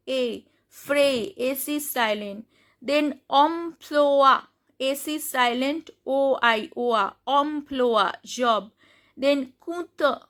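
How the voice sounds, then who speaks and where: A high, bright woman's voice with an Indian English accent. She teaches at an unhurried pace, spelling out letters and repeating each word slowly for her learners. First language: Hindi. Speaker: French teacher. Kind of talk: slow step-by-step pronunciation lesson.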